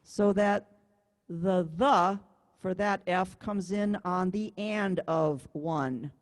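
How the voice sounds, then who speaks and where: Brief: woman music teacher, mellow warm tone, patient and explanatory, on a video-call mic. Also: medium pitch, slow pace. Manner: patient, explanatory, counts beats aloud. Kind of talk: online class instruction. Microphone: computer mic on a video call.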